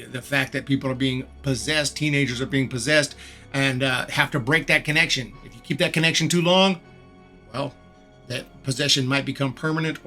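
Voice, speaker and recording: A man's voice: mid-range voice, pushed and bright. A man hosting his own channel, giving a frank, rambling movie review and repeating words as he thinks aloud. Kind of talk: casual spoken movie review.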